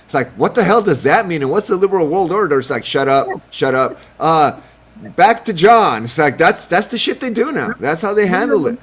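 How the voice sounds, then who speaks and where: A man's voice: sits high, very animated, a little fast, husky. A man on a political commentary panel, sarcastically mocking officials with short put-on quotes. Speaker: guest panelist.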